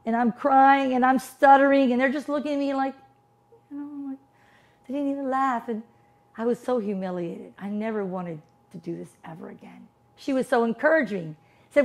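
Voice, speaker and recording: A woman's voice: sits high, normal speed, darkish tone. A woman in her fifties, not a native English speaker, giving an emphatic personal testimony as a motivational speaker and posing rhetorical questions. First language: non-English household language.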